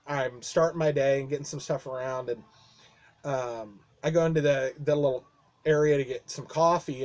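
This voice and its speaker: A man telling a long personal story to his vlog camera in a casual, rambling way, with lots of fillers, restarts and chuckles. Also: fairly high pitch. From Midwestern United States. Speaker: vlogger.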